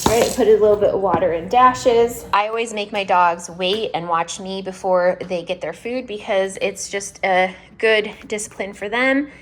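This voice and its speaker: A woman's voice: medium pitch, steady tone, moderate pace, hardly any pauses, a little hiss or hum. A woman chatting casually in a home vlog about her service dog and his food, sometimes stopping to talk to her dogs. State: close to tears with joy. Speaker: vlogger and service dog handler.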